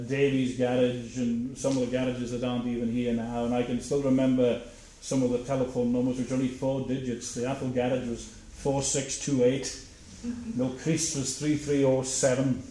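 Older man, oral-history teller, halting and chuckly, mid-pitched, big echoey room with faint hiss. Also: warm tone. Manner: anecdotal, chuckling, halting with fillers. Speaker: interviewee.

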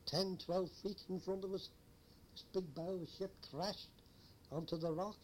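A man's voice: high-pitched, fairly even intonation, moderate pace, slight background noise. An older man, a former lighthouse keeper telling a rambling old story with chuckles. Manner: rambling, chuckling anecdotal teller. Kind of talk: oral history storytelling.

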